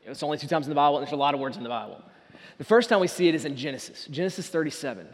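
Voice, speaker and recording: Pastor, male, high-pitched, earnest sermon delivery with emphatic swells, long hall reverb. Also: expressive, very fast. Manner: earnest, rising to loud emphatic peaks.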